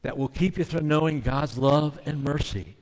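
A man's voice: fairly high pitch, moderate pace. Earnest male preacher in a reverberant hall. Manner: earnest and emphatic, with sudden soft drops. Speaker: pastor. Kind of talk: sermon.

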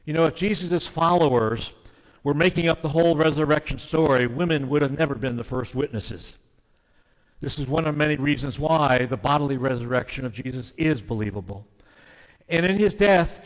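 Earnest male preacher in a reverberant hall. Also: on the high side. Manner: earnest and emphatic, with sudden soft drops. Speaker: pastor. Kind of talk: sermon.

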